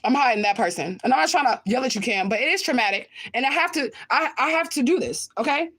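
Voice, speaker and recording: A woman's voice: high-pitched, expressive, fast talker, fairly bright tone, husky. A woman livestreaming and answering viewer comments in a blunt, confrontational way, swearing often and repeating her points for emphasis. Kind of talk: casual livestream talk.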